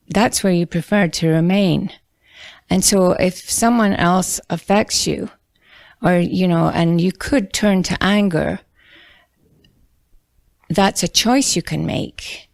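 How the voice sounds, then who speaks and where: A woman in the audience voices her view in a hesitant, searching way. She speaks slowly in a somewhat low voice with plenty of vocal fry. The sound is dry. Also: darkish tone, no room sound. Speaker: audience member. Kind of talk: casual remark in a discussion.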